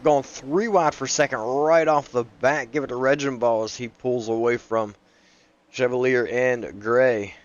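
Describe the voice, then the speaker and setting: A man co-hosting a sim racing broadcast, easygoing and lifting with excitement on race action. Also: mid-range voice, unhurried, muffled recording. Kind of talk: race commentary.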